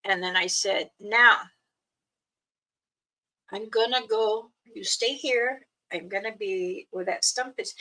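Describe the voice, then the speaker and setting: A mother casually telling a personal story, chatty and laughing often, acting out her children's voices and hushing her own quoted words. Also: medium pitch, measured pace, low-quality recording.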